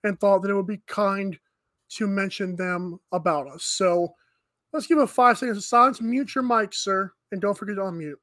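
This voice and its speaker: A man's voice: high-pitched, moderate pace, a bit bright, no room sound. A man hosting a morning sports talk show, chatting casually and rambling with lots of fillers.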